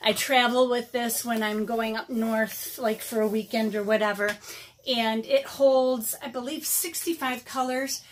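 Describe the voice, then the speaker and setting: A middle-aged woman, a watercolor artist who vlogs, chats casually while unboxing art supplies, rambling with plenty of ums and sounding slightly out of breath. Her voice sits on the high side, steady and a little slow, with a faint hiss or hum in the background.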